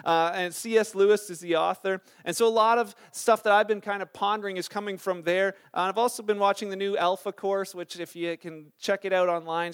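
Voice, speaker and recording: A male pastor delivers a casual, story-driven sermon. His voice sits high for a man and sounds a little sore. He leans on fillers and chatty asides as he talks. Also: clean tone. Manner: conversational, storytelling with many fillers. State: slightly sore voice.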